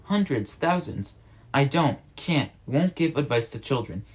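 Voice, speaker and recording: Guy reading out a grumpy deaf old lawyer, gravelly and bellowing, wheezy, bitter about everything. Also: mid-range voice, expressive, unhurried, close to an everyday voice. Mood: gruff bellowing. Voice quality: gravelly, loud and thick. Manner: bellowing, bitter, coughing and wheezing between words. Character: gruff, half-deaf old male lawyer-detective. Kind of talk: audiobook reading.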